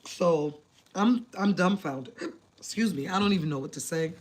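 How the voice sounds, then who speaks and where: A woman vlogger telling a personal story to her viewers, animated and dramatic, acting out the people in it and chatting casually to her audience. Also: fairly low pitch, moderate pace. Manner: animated, dramatic retelling with acted quotes and asides to viewers; addresses viewers as family, casual slang. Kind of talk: emotional storytelling to camera.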